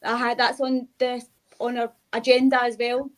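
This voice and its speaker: A young woman with a Glaswegian Scottish accent, a guest in a casual chat who talks quickly and fills her speech with "like.". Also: on the high side, level tone. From Scotland. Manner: chatty, with frequent "like" fillers and quick asides. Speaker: guest, urban explorer.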